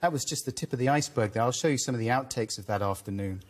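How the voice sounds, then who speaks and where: A man in his forties, a dictionary corner guest, doing a deadpan, mock-earnest comic monologue. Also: mid-range voice, rapid-fire, very noisy. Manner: dry, mock-earnest, flustered bursts at a child.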